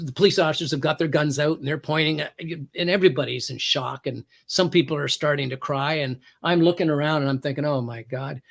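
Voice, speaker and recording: Man, former police negotiator, storytelling guest, slightly high voice, emphatic lively delivery, hesitant fillers. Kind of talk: storytelling anecdote.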